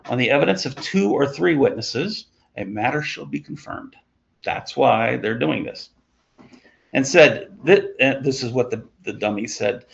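A man's voice: medium pitch, animated, normal speed, creaky, dull audio. A man leading an informal Bible study, talking conversationally with chuckling asides as he reads and explains scripture.

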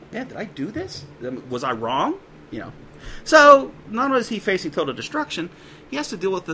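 A man preaching a sermon in a conversational way, with quick asides and dramatic quoted voices. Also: medium pitch, fairly bright tone, a little hiss or hum. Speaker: pastor.

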